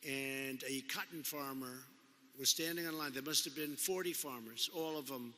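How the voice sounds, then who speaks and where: A man's voice: medium pitch, moderate pace, sharp tone. A man giving an off-the-cuff political speech as president, rambling and repeating himself with conversational asides. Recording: long echo of a big hall.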